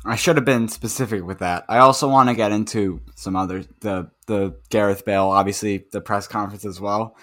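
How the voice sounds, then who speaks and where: Casting: male podcast co-host, lowish voice, loose rambling football chat. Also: fairly even intonation, a little fast, hardly any pauses, a bit bright. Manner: rambling, filler-heavy recap. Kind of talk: casual sports chat.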